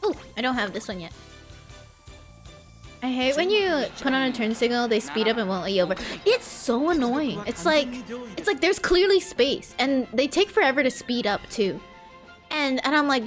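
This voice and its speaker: A woman's voice: high voice, very animated, moderate pace, music in the background. A woman from California chatting casually on a livestream while playing a game, rambling in loose, filler-heavy sentences and often laughing at her own stories. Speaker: VTuber streamer.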